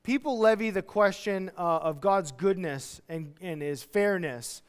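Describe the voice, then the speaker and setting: A man preaching from the pulpit, his voice pitched high for a man and smooth, resonant. He teaches with animated delivery, acting out everyday voices. The sound carries a long church-hall reverb. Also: a little slow. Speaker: pastor. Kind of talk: expository sermon.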